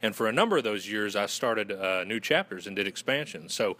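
Southern-accented man, low voice. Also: lively intonation, brisk, pushed and bright. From Western North Carolina. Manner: earnest, speaks in long flowing runs. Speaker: guest, fraternity communications director. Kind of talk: radio interview.

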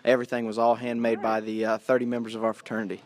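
A man's voice: medium pitch, monotone, rapid-fire, no room sound. A young man, a college student guest, politely explaining his group's charity work. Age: young adult. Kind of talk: interview answers.

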